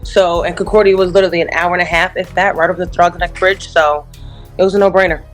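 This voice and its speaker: Young woman, quick speech, chatty, relaxed, faint music behind. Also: lowish voice. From Long Island, New York. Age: young adult. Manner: chatty, relaxed, laughs easily. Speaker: basketball coach guest. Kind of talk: casual interview.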